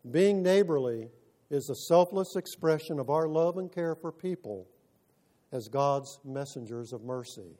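A male preacher delivers a sermon in a voice pitched a little high but soft and mellow in tone. He speaks earnestly and at a measured pace, pausing as he tells a story. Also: expressive.

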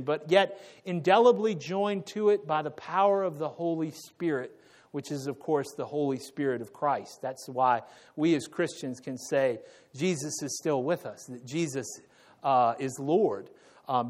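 A man preaching an unscripted sermon, pausing on fillers and correcting himself as he goes. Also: medium pitch. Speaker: pastor.

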